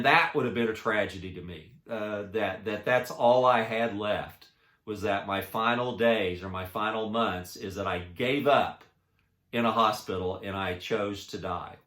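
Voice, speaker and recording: A man giving a personal inspirational talk. He speaks earnestly and haltingly, restarting often, and swings between soft and emphatic. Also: fairly low pitch, reverberant. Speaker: motivational speaker.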